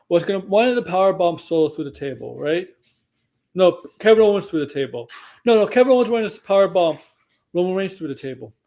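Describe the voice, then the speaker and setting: Streaming casually, a man rambles through a wrestling show recap, often catching and correcting himself mid-sentence and acting out quotes. He has a high voice with a darkish tone.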